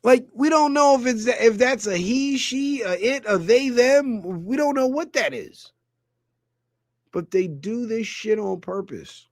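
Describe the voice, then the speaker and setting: A man's voice: extremely high pitch, lively intonation, a little slow, no room sound, studio quality. A man hosting a ranting comedy commentary, crude and mocking, laughing at his own jokes. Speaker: channel host.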